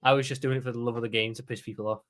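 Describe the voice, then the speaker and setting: A man with a Scouse accent chatting as co-host of a live football watchalong. He talks bluntly and swears freely, trading jokes and opinions about players. His voice sits at an ordinary pitch for a man. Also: fairly even intonation, very fast, fairly bright tone. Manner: blunt, sweary, jokey banter. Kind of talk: casual chat.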